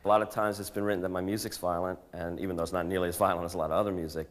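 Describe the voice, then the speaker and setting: A man who writes and produces songs, talking candidly and wryly, his phrases sinking low at the ends. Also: little pitch movement, big-room sound. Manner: fast, wry, trailing low at phrase ends. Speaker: songwriter and producer. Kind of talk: candid interview monologue.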